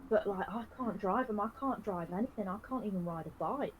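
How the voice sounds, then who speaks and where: A woman spins a long, rambling comic tale while streaming a game, deadpan and full of "like" and "you know". Her voice sits at an everyday middle pitch, with a faint hiss of noise behind it. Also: fairly quick, low-quality recording. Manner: rambling, filler-heavy, deadpan. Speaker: live streamer. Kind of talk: comic in-character storytelling.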